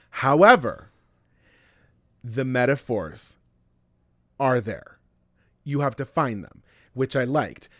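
A man's voice: medium pitch, dry recording. An American man co-hosting a podcast, talking in a profane, emphatic, opinionated way. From United States. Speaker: podcast co-host. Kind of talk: casual chat.

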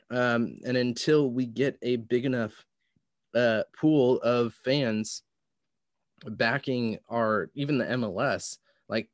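A young man in casual chat, measured and hedging, with lots of ums and you-knows. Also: mid-range voice, no room sound, clean studio sound.

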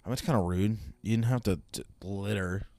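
A man's voice: on the low side, fairly quick, a little mellow, no room sound. A young man giving casual, sarcastic reaction commentary with heavy swearing and rambling asides. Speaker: reaction video host.

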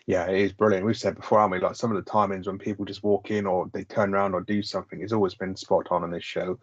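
Male podcast co-host, rapid, loose and sweary, low voice, muffled dry recording. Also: flat delivery, husky, dry recording. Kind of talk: casual chat about a sitcom. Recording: slightly muffled lo-fi audio.

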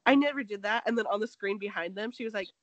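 A woman talks quickly in a mid-range voice, co-hosting a casual chat full of gossip and mentioning she's sick. She acts out the quotes as she animatedly retells a story, using "like" over and over. The recording is dry, with the highs cut off.

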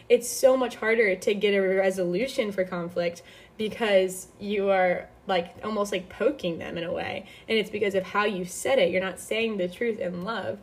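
A woman's voice: mid-range voice, steady tone, moderate pace, husky. A young woman hosting a podcast, giving casual faith-based advice in a chatty way full of fillers and restarts. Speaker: podcast host.

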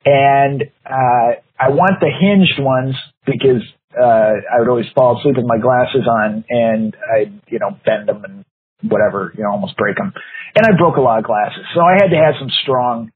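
Here a fifties-aged podcast co-host spins a long, rambling tale, laughing often and leaning on fillers throughout the casual conversation. He speaks in a mid-range, breathy voice at a moderate pace, captured without echo on thin, phone-like audio.

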